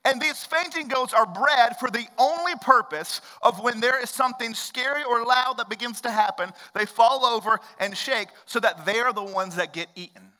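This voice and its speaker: A young adult man preaching a sermon as pastor, conversational, jumping from loud bursts to hushed low lines. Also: normal speed, hardly any pauses, big-room sound, low-quality recording.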